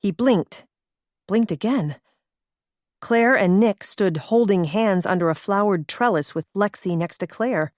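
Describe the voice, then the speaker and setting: In this scripted narration, a woman reads an audiobook with a steady, measured storytelling delivery. Her voice is mid-range, and the recording is dry and of studio quality.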